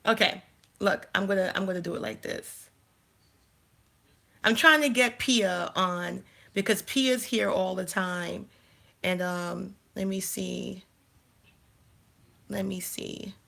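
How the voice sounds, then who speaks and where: A woman's voice: mid-range voice, steady tone, takes it slowly, vocal fry, long pauses, sharp tone. A woman hosting a casual live stream, chatting and thinking aloud while she fumbles through her channel settings. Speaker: life coach and channel host.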